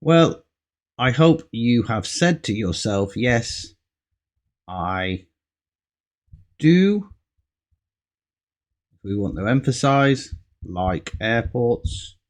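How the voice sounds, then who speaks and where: A man's voice: medium pitch, lively intonation, slow pace. A man teaching an English speaking lesson, patiently modelling example answers and stressing key words. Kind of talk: slow, patient ESL lesson.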